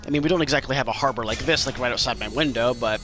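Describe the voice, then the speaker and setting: A man's voice: mid-range voice, rapid-fire, music in the background. A man from Maine giving playful, jokey commentary while playing a game, talking to the characters on screen. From Maine, USA. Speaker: gameplay commentator. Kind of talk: casual gameplay commentary.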